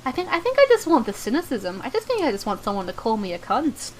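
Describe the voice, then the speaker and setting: Excitable, rambling young woman streamer. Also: a little high, quick pace, a little hiss or hum. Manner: excitable and rambling, stammers and repeats words, swears. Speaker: game streamer. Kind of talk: casual live-stream chat while gaming.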